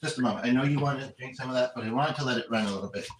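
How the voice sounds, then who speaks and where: Earnest, rambling man, medium-pitched, off-mic in an echoey home room with faint background noise. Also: very fast. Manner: rambling, self-interrupting, earnest. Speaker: spiritual medium relaying messages. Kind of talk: casual livestream chat. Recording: roomy echo, distant from mic, faint noise.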